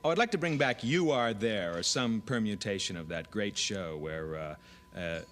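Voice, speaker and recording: A man at a comedy audition, casually and playfully pitching his ideas to camera, with hesitant fillers between bits. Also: expressive, normal speed, a bit bright.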